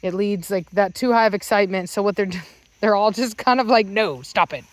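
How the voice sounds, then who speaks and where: Woman, dog breeder, outdoors in the yard, casual chat, sing-song voice with the dogs, laughs a lot, medium pitch. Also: fairly quick, dry recording. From Virginia, US. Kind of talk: casual chat while filming her dogs.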